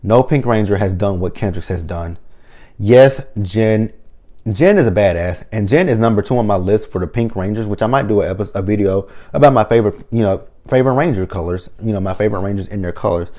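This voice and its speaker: A man giving casual, excited fan commentary as a vlogger, rambling and getting himself hyped up. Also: fairly low pitch, brisk. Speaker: vlogger ranking team-up episodes.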